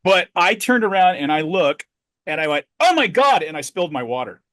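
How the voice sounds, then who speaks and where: A middle-aged man co-hosting a podcast, telling a story in a profane, animated way. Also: on the high side, brisk, no room sound, clean studio sound. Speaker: podcast co-host. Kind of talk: casual podcast chat.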